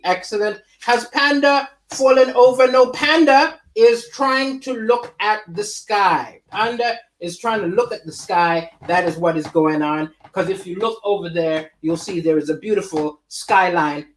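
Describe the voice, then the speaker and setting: A man's voice: sits high, slight background noise. Lisping man hosting a comedy livestream. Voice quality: slight lisp. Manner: animated, reads viewer chat aloud and riffs. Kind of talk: live-streamed comedy chat.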